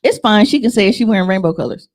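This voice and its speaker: A woman's voice: medium pitch, animated, very fast. A woman co-hosting a podcast, telling stories and teasing friends in casual chat. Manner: storytelling, teasing, laughing. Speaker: podcast co-host.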